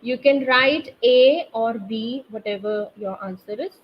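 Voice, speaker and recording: A woman teaching a live online French class, explaining accents slowly and quizzing her students through the chat. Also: on the high side. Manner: slow, patient, quizzes students via chat. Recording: slightly dull online class audio with faint noise.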